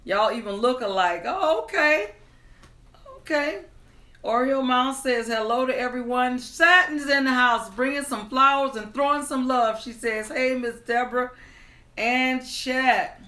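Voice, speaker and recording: A woman hosting a live stream, greeting viewers, reading their comments aloud in an unhurried, friendly way, then starting a storybook tale. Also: high-pitched, pushed and bright, echoey room. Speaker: livestream storyteller host.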